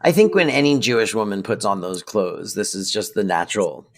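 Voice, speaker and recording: A man's voice: lowish voice, lively intonation, a little fast. Laughing man chiming into a chat. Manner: laughs often, eager agreement. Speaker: podcast co-host. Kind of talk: casual chat.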